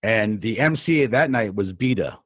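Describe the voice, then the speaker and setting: A middle-aged New Jersey man, a DJ and podcast co-host, tells a rambling casual story packed with fillers and restarts. His voice is on the low side, a bit bright and slightly rough, with lively intonation, a moderate pace and no room sound.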